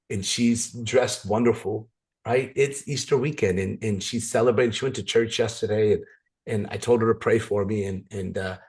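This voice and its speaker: A man leading a motivational business training on a video call, talking with playful, energetic storytelling and frequent restarts. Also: medium pitch.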